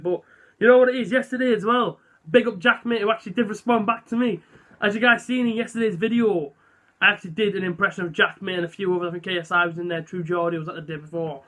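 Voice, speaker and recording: Chatty young man, bright and high. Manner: chatty, self-deprecating, many fillers. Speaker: vlogger. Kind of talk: casual vlog chat.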